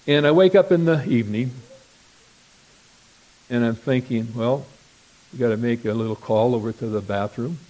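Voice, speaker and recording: An older man from Wisconsin telling a rambling, self-deprecating humorous story at a podium, clearing his throat now and then. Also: mid-range voice, darkish tone, poor audio.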